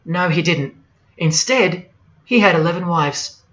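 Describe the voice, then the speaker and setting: A man preaching a monologue in a forceful, rhetorical way, firing question after question at the listener. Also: a little high, lively intonation, measured pace. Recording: dull lo-fi audio.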